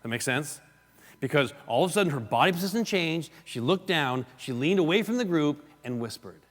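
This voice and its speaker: A man's voice: a little high, brisk. A man giving a live seminar talk to an audience, acting out stories and gestures as he teaches. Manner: animated storyteller, acts out gestures and quotes. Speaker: real estate seminar speaker. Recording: long hall reverb.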